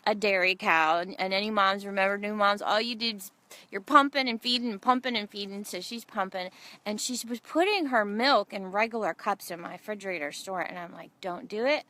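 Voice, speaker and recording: A woman's voice: mid-range voice, no room sound. A middle-aged woman preaching a sermon, telling funny stories and acting out the voices in them. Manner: animated storytelling, acts out quotes.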